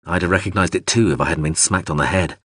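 Brief: groggy mercenary man, by the narrator, very deep, husky, understated. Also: fast talker, fairly bright tone, no room sound, clean studio sound. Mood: plain. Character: dazed male mercenary, dry and plain-spoken.

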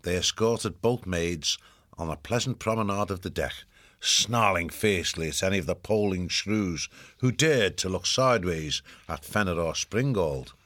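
A man reading a storybook aloud as narrator, in a measured, expressive way. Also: deep voice, no echo. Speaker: audiobook narrator.

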